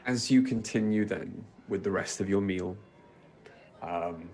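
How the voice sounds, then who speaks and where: A man running a tabletop game as game master, speaking in a measured way with frequent ums. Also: low-pitched, vocal fry, darkish tone. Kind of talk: narrating a tabletop game and addressing stream viewers.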